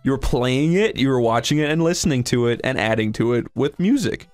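A man co-hosting a gameplay session, animated and yelling encouragement at the game. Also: mid-range voice, moderate pace, soft background music. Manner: animated, cheers and yells at the game. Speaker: co-host. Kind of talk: casual let's-play banter.

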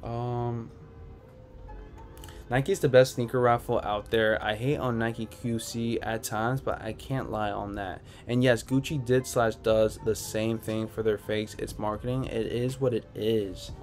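A man's voice: lowish voice, fairly even intonation, measured pace, darkish tone, faint music behind. A man hosting a casual livestream, reading viewer comments aloud and answering them in a laid-back, rambling way from home. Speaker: sneaker livestream host. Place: home room.

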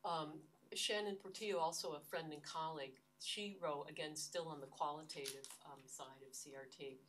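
Low-voiced older American woman lecturing. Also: steady tone, moderate pace, a bit bright, slight background noise. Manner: earnest, emphatic, frequent restarts. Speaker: university lecturer. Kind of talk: academic lecture. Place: lecture hall. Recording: distant lecture-hall recording.

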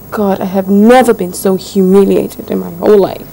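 A woman's voice: medium pitch, fairly even intonation, unhurried, creaky, warm tone, low-quality recording. Hurt, spoiled young woman, indignant complaints, faint noise. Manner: indignant, whiny. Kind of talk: film drama acting.

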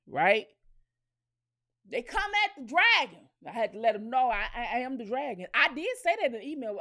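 A woman's voice: a little high, expressive, moderate pace, fairly bright tone. A woman hosting her own commentary channel, talking straight to her viewers in a blunt, profane rant with lots of emphatic repetition.

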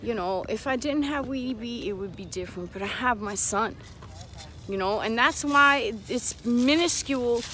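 A woman's voice: medium pitch, pushed and bright, a little hiss or hum, poor audio. A woman with a New York accent, vlogging candidly and earnestly to her viewers while out walking with her child, speaking into a handheld phone. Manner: earnest, confiding, talks to viewers directly. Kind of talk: candid personal vlog. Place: outdoors on a walk with her child.

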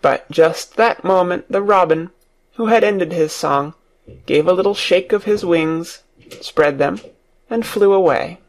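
Give me a man narrating a storybook slowly for English learners, in a fairly high voice. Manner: slow, clear storybook reading. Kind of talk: audiobook reading for English learners.

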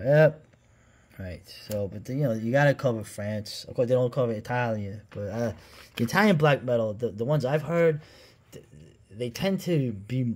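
A reaction video host offers casual, rambling commentary on a documentary, sarcastic at times and full of fillers and restarts. His voice is medium-pitched with a darkish tone.

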